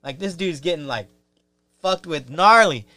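Young male storyteller, bright, forceful delivery, lots of swearing, dry close mic. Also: on the high side, measured pace, no echo. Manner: profane, animated storytelling with acted quotes. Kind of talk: casual chat.

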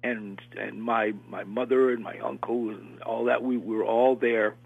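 An older man, an actor, telling an animated story in a casual interview, with lots of restarts and acted-out quotes. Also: lowish voice, unhurried, gravelly, husky, no echo. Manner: animated, repeats and restarts, acts out quoted voices. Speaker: actor guest recalling film work. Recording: tinny phone-line sound.

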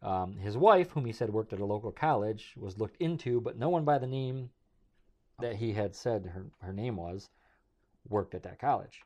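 A man's voice: lowish voice, expressive, moderate pace, dark tone. A man co-hosting a podcast, telling a strange story in casual chat and laughing often. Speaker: podcast co-host.

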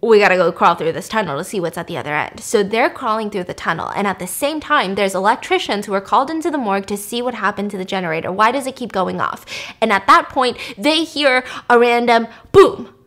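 A woman's voice: mid-range voice, animated, a little fast, a bit bright. A woman casually retelling a story, acting out the characters' lines in shifting voices. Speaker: podcast host.

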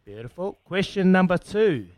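A New Zealand man hosting a casual breakfast radio quiz in a slightly high voice. He banters with callers in matey slang and counts down the seconds for each answer. The sound is dry and close, with faint music underneath. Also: very animated, moderate pace, no room sound.

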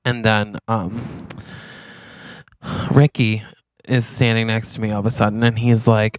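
A man's voice: on the low side, flat delivery, dry recording, clean studio sound. A young man co-hosting a comedy podcast, improvising a silly story and acting out the dialogue of both characters. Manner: acts out both sides of a made-up scene, quick asides. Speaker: podcast co-host.

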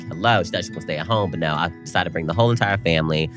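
Deep-voiced young man, animated storyteller. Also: rapid-fire, few pauses, music in the background. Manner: animated storytelling, quotes others in big voices. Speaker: podcast co-host. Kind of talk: casual chat.

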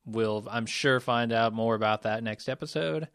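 A man co-hosting a podcast, chatting in a measured, analytical way. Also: medium pitch, a bit bright, clear, resonant tone, dry recording, studio quality. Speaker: podcast co-host. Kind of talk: casual chat.

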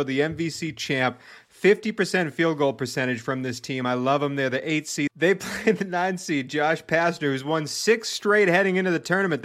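A man hosts a sports podcast, briskly rattling off teams and numbers with a playful edge. His voice sits a bit higher than the average man's. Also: fairly bright tone. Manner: brisk rundown of facts, playful. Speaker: podcast host.

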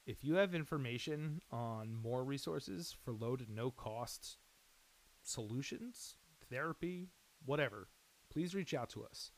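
A man's voice: medium pitch, lively intonation, unhurried, poor audio. A man reading a scripted announcement before his podcast, earnest and caring in tone. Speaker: podcast host.

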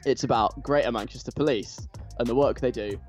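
A man's voice: mid-range voice, brisk, soft background music. Chatty man, gushing. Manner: animated, gushing, with frequent restarts. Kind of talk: casual enthusiastic chat.

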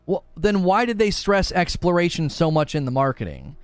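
Male streamer, fairly high voice, scoffing and emphatic while reading chat. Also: moderate pace, clean tone, no room sound, faint music behind. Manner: sarcastic, incredulous; animated, emphatic. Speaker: gaming streamer. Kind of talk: live commentary reading chat.

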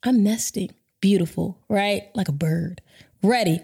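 Animated, profane woman telling a story. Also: a little slow, vocal fry, breathy edge. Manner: animated, profane, laughs often, jumps into high voices for quotes. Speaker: podcast host and business owner. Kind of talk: casual storytelling monologue.

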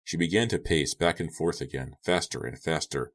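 A man narrates a young-adult horror novel in a very deep voice. He keeps his reading measured and subdued. The tone stays steady between the characters' outbursts. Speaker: audiobook narrator. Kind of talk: scripted audiobook narration.

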